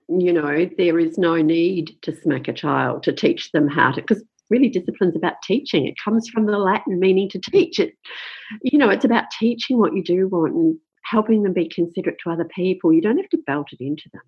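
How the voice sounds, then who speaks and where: An older woman, a parenting expert giving advice in a warm, matter-of-fact way. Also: fairly low pitch, fairly quick, slightly rough, highs cut off. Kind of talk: casual chat.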